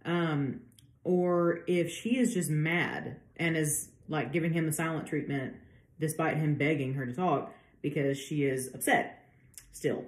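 A woman's voice: sits low, steady tone, measured pace, roomy sound. A woman giving a casual literature lecture, chatty with many fillers, acting out quotes as she goes. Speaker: literature professor.

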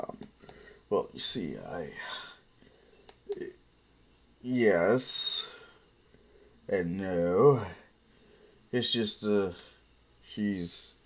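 A man voicing a big male hero who stammers flusteredly in a low, quiet voice. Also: full character voice. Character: hulking male hero, flustered and overprotective uncle.

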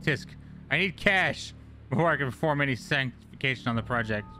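A man streaming a horror delivery game, joking and reacting loudly, on a studio microphone. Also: medium pitch, fairly quick, a little hiss or hum. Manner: animated, jokey, squeals at animals. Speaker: gaming streamer. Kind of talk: let's play commentary. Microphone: studio dynamic mic.

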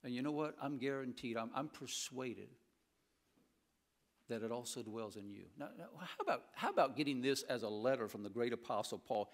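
Animated Midwestern pastor preaching. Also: male voice, medium pitch, normal speed. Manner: animated preaching with humorous stories. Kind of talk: sermon. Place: church sanctuary.

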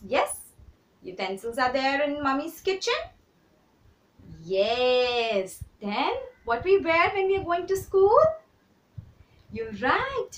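A woman kindergarten teacher gives a handwriting lesson to small children, slowly repeating steps and praising them. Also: sits high, recorded from a distance. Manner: slow, repetitive, encouraging drills for small children. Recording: roomy echo, voice a little off the mic.

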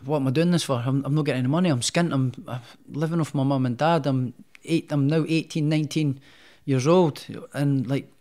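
A man's voice: medium pitch, fairly even intonation, a little fast, hardly any pauses, darkish tone. A man, a boxer, telling his story as a podcast guest in a chatty, rambling way. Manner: chatty, rambling, many restarts. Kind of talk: casual storytelling in a podcast interview.

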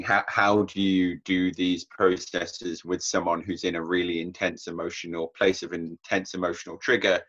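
Young guy on a video call, really low voice, muffled audio, thoughtful sharing. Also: a bit bright. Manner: earnest, reflective, acts out remembered dialogue. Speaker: workshop participant. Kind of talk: personal sharing in an online group.

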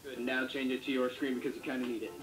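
A man's voice: mid-range voice, fairly even intonation, fast talker. A man co-hosting a casual video-chat update, rambling and joking as he corrects himself. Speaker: co-host. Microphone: Wii U chat mic. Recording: echoey room with loud music.

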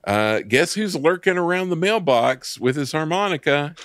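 A man's voice: on the high side, expressive, normal speed, a bit bright, no room sound, soft background music. A man casually recapping a film plot, with dry joking asides. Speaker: film podcast co-host. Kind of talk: casual movie recap chat.

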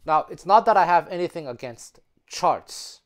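A man's voice: a little high, animated, moderate pace. A man giving a spoken music lesson, explaining earnestly in a conversational way with frequent restarts. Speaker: music teacher.

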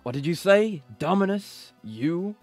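A man's voice: sits high, expressive, measured pace, no room sound, soft background music, pitched above the performer's own voice. A man voicing a hot-headed, jealous young male comrade as he reads game dialogue aloud on stream, in an indignant, outraged manner.

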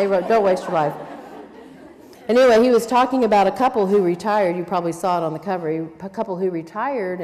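A woman's voice: fairly low pitch, a little mellow, slight background noise. A middle-aged woman teaching a sermon at a women's conference, earnest and emphatic, with frequent rhetorical questions. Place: large church hall. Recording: long hall reverb.

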